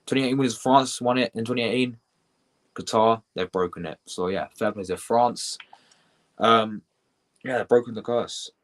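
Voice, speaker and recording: Excitable British man streaming football reactions. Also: mid-range voice, normal speed. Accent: British English. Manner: excitable, chatty, swears, shouts out viewers. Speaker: football livestream host. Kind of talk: live match reaction stream.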